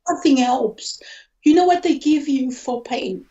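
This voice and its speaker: An older woman from South Africa telling of her own hospital ordeal in a halting, emotional way, often repeating words. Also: sits high, mellow. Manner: halting, repeats words, voice rising when upset. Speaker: interviewee, hospital patient. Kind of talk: emotional personal account. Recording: dull lo-fi audio.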